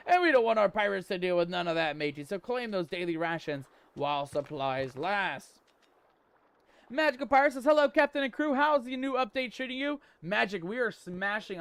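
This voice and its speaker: A man's voice: sits high, clean tone, no room sound. A man hosting a live gameplay stream, chatty and upbeat, greeting viewers with pirate slang. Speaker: livestream host.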